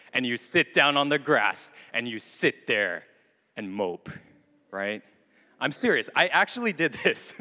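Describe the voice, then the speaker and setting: A young adult man giving a sermon at a retreat, telling a personal story with lively asides to the listeners. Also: medium pitch. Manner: animated storytelling with asides to the audience. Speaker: retreat speaker. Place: hall at a retreat. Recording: long hall reverb.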